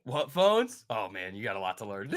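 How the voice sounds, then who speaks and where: Animated, bright-voiced man trading live. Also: on the low side. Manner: joking, chatty, reacting to chat and charts. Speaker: stock trading livestream host. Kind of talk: casual live market commentary.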